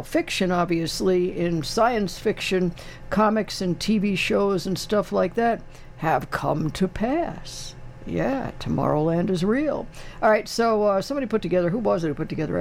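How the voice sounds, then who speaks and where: A man's voice: sits high, darkish tone, a little hiss or hum. An older man hosting a radio call-in show, chatting casually in a wry, rambling way with many fillers. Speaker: radio talk show host. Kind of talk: casual chat.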